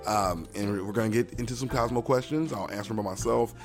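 A man's voice: fairly low pitch, fast, faint music behind. A young man hosting a casual solo podcast. He talks in a rambling, self-mocking and playful way. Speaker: podcast host.

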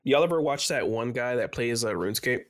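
A man's voice: mid-range voice, animated, a little fast. A man co-hosting a casual gaming podcast, rambling loosely and swearing freely. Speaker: podcast co-host.

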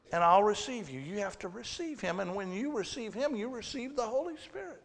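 A man's voice: high voice, lively intonation, fairly quick, gravelly, few pauses. A man preaching a sermon to a congregation, teaching plainly, asking the crowd questions and joking with them. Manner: teaching with humor and audience questions. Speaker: pastor. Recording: long hall reverb.

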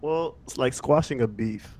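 A man's voice: medium pitch, normal speed, dark tone. A man co-hosting a podcast from a hotel room, talking in a laid-back, easygoing way. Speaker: podcast co-host. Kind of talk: casual podcast chat.

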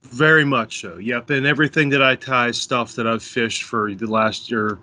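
Casting: American man, guest on a chat podcast, bright forward tone, relaxed rambling delivery. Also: medium pitch, moderate pace. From Pennsylvania, USA. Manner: easygoing, rambling explanations. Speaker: podcast guest, fly tying guide. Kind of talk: casual interview chat. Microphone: remote call.

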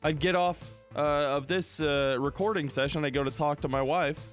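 A man co-hosting a podcast over a phone call, trading jokey trash talk with animated energy. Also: fairly high pitch, moderate pace, faint music behind. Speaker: podcast co-host. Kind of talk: casual comedic banter.

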